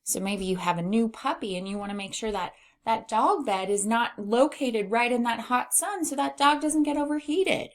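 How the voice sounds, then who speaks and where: A middle-aged woman teaching a phonics lesson to young readers. She sounds out sentences slowly, word by word, and hums while she scans the page for letters. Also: medium pitch. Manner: slow, exaggerated word-by-word reading aloud. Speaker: reading teacher.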